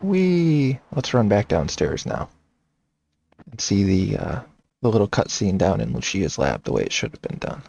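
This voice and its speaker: A man casually commenting on his game playthrough, rambling and thinking out loud. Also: lowish voice, sing-song, moderate pace, gravelly, lo-fi sound. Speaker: game streamer. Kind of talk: casual let's-play commentary.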